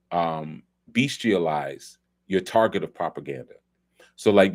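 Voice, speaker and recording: A middle-aged man from New York, hosting a loose, conversational film commentary talk with many asides. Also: deep voice. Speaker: host.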